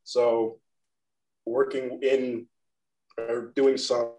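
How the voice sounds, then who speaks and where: A man with a monotone voice, a guest photographer in a casual interview, self-deprecating and rambling, laughing now and then. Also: medium pitch, very slow, rough recording. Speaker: guest photographer and graphic designer.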